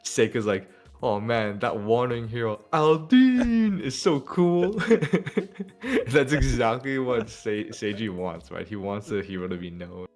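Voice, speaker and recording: Guy with a low voice recapping an anime, laughs constantly, faint music in the back. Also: lively intonation, measured pace. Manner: laughing, acts out characters in raised voice. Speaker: podcast co-host. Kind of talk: casual anime recap chat.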